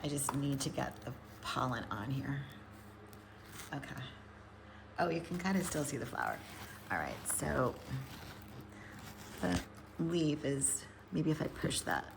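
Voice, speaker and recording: Her voice is extremely low and full of vocal fry, very animated yet unhurried, with long pauses and background noise. She's a hydroponic gardener and nutrition coach chatting casually live to viewers, rambling and thinking aloud while working with plants in an indoor grow room.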